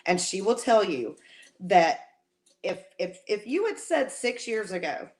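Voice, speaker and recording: A woman's voice: medium pitch, sing-song, a little slow, a little hiss or hum. Emotional, rambling woman co-host. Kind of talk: casual live-stream chat.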